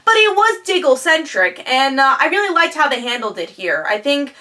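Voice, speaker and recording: A woman talks through a TV episode in a relaxed review. Her voice is bright and a little high, and she keeps hesitating with fillers and restarting her sentences. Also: normal speed. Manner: chatty, many "um" fillers and restarts. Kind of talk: casual spoken TV review.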